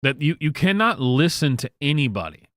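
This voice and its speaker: A man's voice: on the high side, sing-song, normal speed, a bit bright, no room sound, clean studio sound. A man from the American South with a Southern accent, hosting a commentary channel and giving a casual, emphatic rant full of restarts and fillers.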